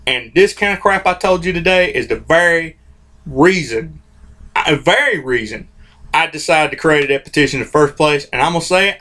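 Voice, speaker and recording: A man's voice: a little high, animated, normal speed, sharp tone. A man hosting his own comics commentary vlog, ranting in a heated, informal way and restarting and repeating phrases. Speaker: host of a comics commentary channel. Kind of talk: opinionated vlog rant.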